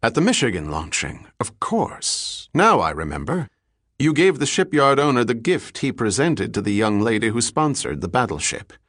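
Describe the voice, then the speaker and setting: A man's voice: medium pitch, big pitch swings, moderate pace, fairly bright tone, no room sound, studio quality. A man voicing a cool, shrewd male detective who talks in a clipped, firm way. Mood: polite.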